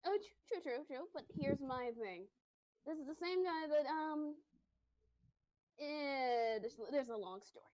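A woman's voice: high-pitched, animated, a little slow, darkish tone. A woman playing a tabletop game, flustered and stammering as she repeats herself. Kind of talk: casual in-character and table talk. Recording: noisy line with clicks.

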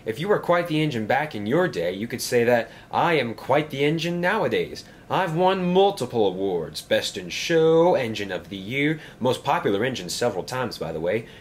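Smug bragging engine, lofty and showy, a man putting him on, storybook voice, lively pitch. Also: moderate pace, hardly any pauses, a little hiss or hum, close to an everyday voice. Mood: boastful. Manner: pompous, smug. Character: boastful grand silver male engine.

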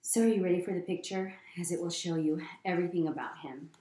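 A woman reading a picture book aloud to children in a gentle manner, often pausing to ask them questions. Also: fairly low pitch, reverberant, slight background noise. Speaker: storytime reader.

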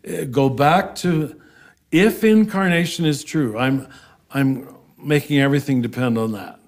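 A Franciscan priest, a man, explaining theology in an unhurried, earnest conversational interview. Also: medium pitch. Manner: earnest, animated, breaks into soft laughs.

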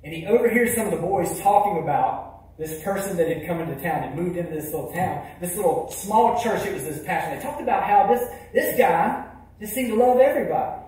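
A man's voice: high-pitched, far from the mic. Emphatic man in an echoey hall. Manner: emphatic, swings between loud punches and hushed lines. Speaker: keynote speaker. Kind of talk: motivational storytelling talk. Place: large hall.

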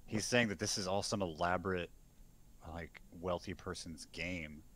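A man's voice: low voice, moderate pace, fairly bright tone. A man taking part in a tabletop role-playing game, talking in a casual, loose and profane way. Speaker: player.

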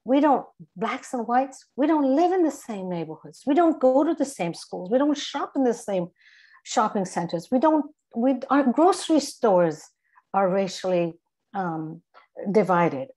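A woman's voice: a little high, very animated, measured pace, dark tone. A middle-aged woman from Iran with an English accent, speaking as a guest in an earnest, emphatic way and repeating her key phrases. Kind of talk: earnest spoken reflection.

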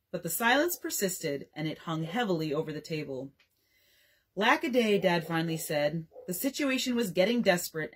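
Lowish and slightly rough, a young librarian's voice brings a bedtime story to life as she reads it aloud with expression, switching voices for the different characters' lines.

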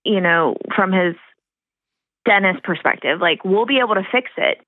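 A woman's voice: medium pitch, normal speed, no echo. A woman calling in to an advice show, explaining her situation earnestly with plenty of fillers. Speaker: caller. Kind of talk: phone call to an advice show. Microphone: phone. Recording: tinny phone line.

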